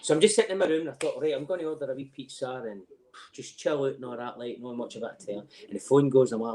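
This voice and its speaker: A middle-aged Scottish man telling stories as a podcast guest in a casual, animated way, swearing freely and laughing between lines. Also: mid-range voice, quick pace.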